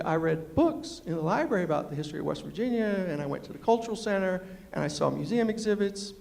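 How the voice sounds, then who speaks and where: A middle-aged man tells comic stories to a university audience. He is animated and acts out the people he quotes. His voice sits fairly high and carries a long reverb from the lecture hall. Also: creaky. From New York City. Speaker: storyteller and humorist. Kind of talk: comic storytelling talk to a live audience.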